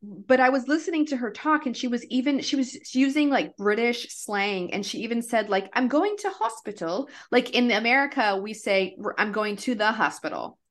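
A woman hosts a podcast, casually telling cases in a loose, rambling way, full of "like" and restarts. Her voice is on the high side and a bit bright, at a moderate pace with few pauses.

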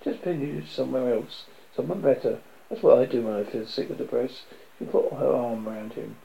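A man reads a novel extract aloud, his voice gravelly and rough at the edges. He trips over words and restarts, raising his pitch a little for the characters' lines. The recording is dull and lo-fi. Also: fairly quick, a little hiss or hum. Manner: reads with slips and restarts, lifts pitch for quoted speech. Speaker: reader.

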